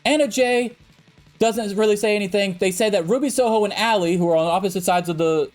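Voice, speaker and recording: A man's voice: high-pitched, a little fast, soft background music. A man co-hosting a podcast, ranting in a heated, profane and emphatic debate. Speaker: podcast co-host.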